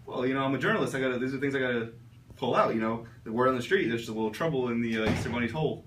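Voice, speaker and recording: Fast-talking young male student interviewer. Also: mid-range voice, noisy background. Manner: jokey, probing, hesitant with fillers. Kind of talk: mock interview sketch. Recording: roomy echo, far from mic, faint ambience.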